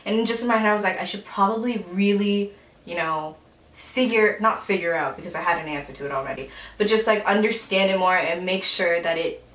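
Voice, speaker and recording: A woman in her twenties chatting with her best friend, thoughtful and measured, a little hesitant. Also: medium pitch, fairly bright tone. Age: 20s. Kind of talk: casual chat. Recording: roomy echo, mic at a distance.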